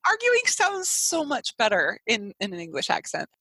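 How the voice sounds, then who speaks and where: Lively, bright-voiced woman chatting. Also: a little high, moderate pace, slightly rough, dry recording, rough recording. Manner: animated, laughs often, many restarts. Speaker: podcast co-host. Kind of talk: casual chat.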